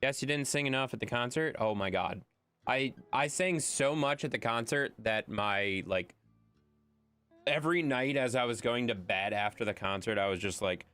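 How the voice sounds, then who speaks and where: A woman's voice: a bass voice, moderate pace, no room sound, faint music behind. A woman live-streaming a game, chatting casually and jokily with her viewers and reading their messages aloud. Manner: animated, jokey, reads chat aloud and swears freely.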